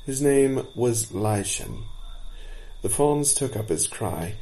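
A man narrating a storybook in a measured, expressive way. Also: medium pitch.

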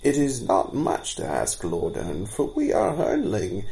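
A man's voice: fairly low pitch, huge pitch swings, a little slow, creaky, mellow, faint music behind, heavily acted, rough recording. A man doing a brave young stag, raised and earnest. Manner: cool, earnest. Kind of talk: storybook reading.

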